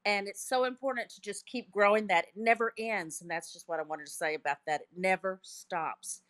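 An older woman, a grandmother, speaking earnestly and warmly as she sets up a question. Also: mid-range voice, steady tone, a little fast, dry recording, clean studio sound. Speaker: participant.

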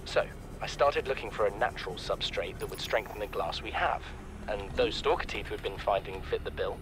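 An actor playing a young male scientist keeping an audio diary in a game, calm and reflective. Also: lowish voice, moderate pace, noisy background, lightly acted. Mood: excited. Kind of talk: recorded in-game voice log. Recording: game audio with music underneath.

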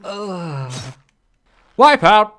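A man's voice: high-pitched, sing-song, extremely slow, fairly bright tone. A man hosting his own gaming channel, giving playful, exclamatory commentary while he plays and talking to the game. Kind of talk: casual gameplay commentary.

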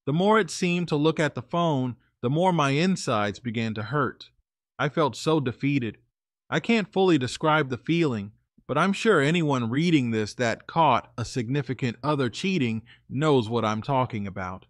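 A man's voice: medium pitch, normal speed, no room sound. Man narrating a confessional story, dry. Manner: steady, confessional reading. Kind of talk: first-person story narration.

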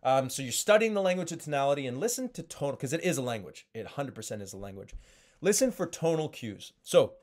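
A young man giving a casual sales training talk, animated and full of fillers as he demonstrates high and low tones. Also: fast talker, few pauses. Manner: frequent fillers and restarts.

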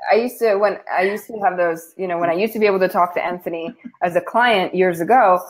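A woman's voice: lowish voice, quick pace, poor audio. A woman hosting a casual livestream chat, talking in a chatty, rambling way with frequent laughs. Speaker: host.

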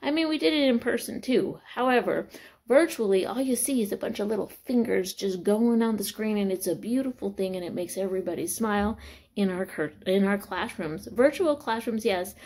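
A woman in her forties, vlogging in an excited, exclamatory way with frequent laughter, filmed in a small corner of a room. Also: medium pitch, brisk. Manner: bubbly, exclamatory, laughing often. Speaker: vlogger sharing faith and school news. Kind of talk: excited casual vlog testimony.

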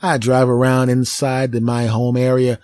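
A man hosting a podcast, telling a comedic story in an animated, ranting manner. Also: medium pitch, normal speed, no room sound, clean studio sound. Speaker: podcast host. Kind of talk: comedic monologue.

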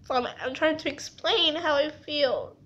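A young woman crying as she talks in a confessional vlog, halting and rambling, stumbling over her words. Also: high voice, a bit bright, lo-fi sound. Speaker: vlogger.

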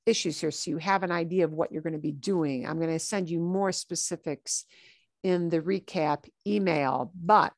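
A middle-aged woman teaching Spanish on a video call, chatty and easygoing. She slips Spanish phrases into her English and repeats them slowly. The sound is dry and close, with no room echo. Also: low voice, gravelly, a little mellow. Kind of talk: online class lesson.

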